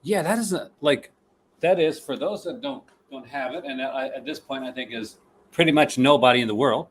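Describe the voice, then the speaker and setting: Tired guy hosting a live stream, chatty, shouting out viewers in chat. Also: mid-range voice, normal speed, slight background noise. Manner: chatty, greets viewers by name. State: sleepy. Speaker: co-host of a film collecting livestream.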